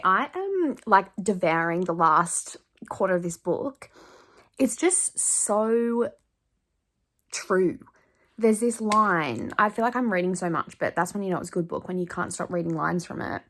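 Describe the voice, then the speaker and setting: A woman's voice: fairly low pitch, expressive, a little slow, fairly bright tone. A woman, chatting casually about a book she loves and reading passages aloud, gushing and emotional, laughing often. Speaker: book vlogger. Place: in bed.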